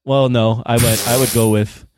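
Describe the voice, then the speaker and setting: A man's voice: medium pitch, steady tone, moderate pace, darkish tone, a little hiss or hum. A man co-hosting a podcast, speaking bluntly and swearing casually. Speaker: podcast co-host.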